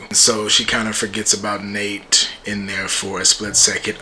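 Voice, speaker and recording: Bright-voiced man excitedly recapping a show. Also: lowish voice, slight background noise. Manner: animated, joking, slangy, exclamatory. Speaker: YouTube TV reviewer. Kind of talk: casual episode recap and reaction.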